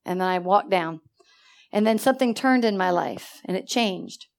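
A middle-aged woman preaching a sermon full of personal stories, swinging from hushed to loud and asking her listeners questions. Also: medium pitch, normal speed, gravelly.

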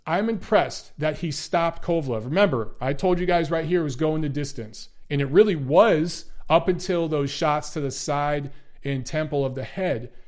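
A man's voice: on the high side, a little mellow. A man doing blunt, sarcastic boxing commentary on a livestream, swearing freely and answering chat. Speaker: boxing analyst and ratings panelist.

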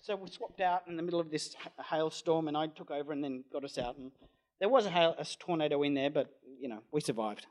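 A fast-talking Australian storm chaser with a slightly high voice rambles through a story in an interview, acting out quoted voices at full volume.

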